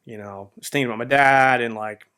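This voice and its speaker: A man's voice: medium pitch, steady tone, brisk, bright, forceful tone, smooth. Man in mid register, loose heartfelt storyteller for a faith podcast, leans on fillers. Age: adult with a marriage behind him. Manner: rambling, heartfelt, heavy use of fillers like "man" and "you know". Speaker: podcast host. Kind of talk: personal faith testimony, casual storytelling.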